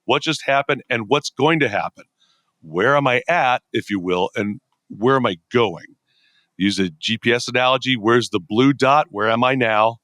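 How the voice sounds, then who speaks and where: A man's voice: mid-range voice, moderate pace, dry recording. A middle-aged man speaks as a podcast guest, telling stories with energy and acting out his own inner voice. His voice sits in a medium range. It is recorded close and dry, with no room sound. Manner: energetic storyteller who acts out his own inner dialogue. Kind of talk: conversational podcast interview.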